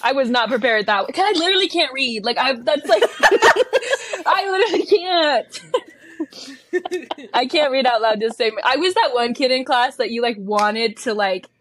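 A woman's voice: high voice, lively intonation, normal speed, fairly bright tone. A young woman guest on a casual podcast, telling self-deprecating stories with frequent giggles.

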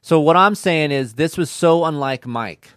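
A man's voice: fairly high pitch, measured pace, fairly bright tone, clear, resonant tone, no room sound, studio quality. A middle-aged man hosting a casual podcast chat, blunt and teasing, with plenty of swearing. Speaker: podcast host. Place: studio.

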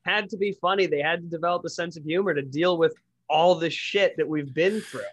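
Blunt, profane podcast host. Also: male voice, fairly high pitch, brisk, low-quality recording. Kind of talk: casual podcast chat.

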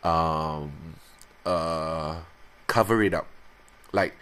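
His tone stays steady and a bit bright as this man in his thirties, hosting a podcast, confesses something casually. The talk is halting and meandering with frequent restarts, and he pops into playful high voices to mimic himself.

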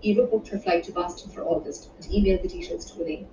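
A woman reading her own romance novel aloud in a measured, unhurried way, with the odd small restart. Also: medium pitch, fairly even intonation, dark tone. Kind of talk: audiobook narration. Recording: roomy, distant, muffled home recording with background noise.

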